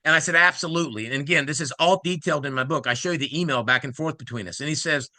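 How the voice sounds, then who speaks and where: A middle-aged man from Ohio tells his story as an interview guest, quick and excited, slipping into other people's voices for quoted lines. His voice is higher than most men's and very bright, recorded close and dry with no room echo. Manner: excited, acts out quoted speech, fast asides.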